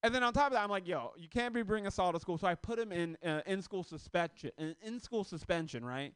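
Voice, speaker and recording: Animated high-voiced male comic on stage. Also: fast talker, clean tone, dry recording. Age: 30s. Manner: loose conversational delivery with shouted punchlines. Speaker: stand-up comedian. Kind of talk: stand-up set. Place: comedy club stage.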